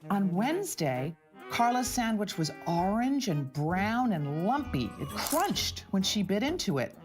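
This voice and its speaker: A woman narrating a children's storybook aloud for English learners, slow and expressive. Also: mid-range voice. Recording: background music.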